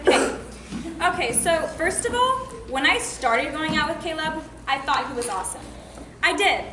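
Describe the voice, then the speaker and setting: A woman's voice: high voice, sing-song, normal speed. A woman as a gossipy teen girl. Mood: griping. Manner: chatty, confiding. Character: gossipy teen girl griping about her ex. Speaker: student actor in a stage monologue. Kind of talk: comic stage monologue. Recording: echoey theater hall, faint hiss.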